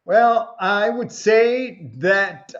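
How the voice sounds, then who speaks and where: A man answering interview questions in a slow, measured way, pausing often with fillers. His voice sits slightly high. The remote audio sounds dull and lo-fi. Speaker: author and interview guest.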